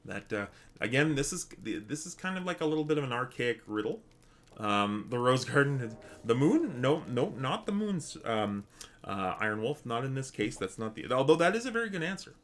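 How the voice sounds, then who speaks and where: A man's voice: mid-range voice, sing-song, moderate pace, a little hiss or hum. Rambling man chatting on a game stream. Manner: rambling, hesitant, many restarts; chatty with viewers, reads chat aloud. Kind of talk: casual live-stream chat.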